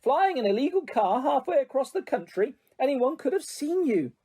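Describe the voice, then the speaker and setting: A narrator voicing a plump, scolding middle-aged mother in a whispered role-play, breathy and soft, with sharp bursts. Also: sits high, very animated, moderate pace, voice pushed up.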